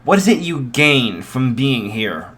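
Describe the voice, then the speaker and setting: A man voicing a huge, ancient red dragon who questions slowly and gravely, in a fan-made spoken story. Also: medium pitch, big pitch swings, fairly bright tone, full character voice. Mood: stern.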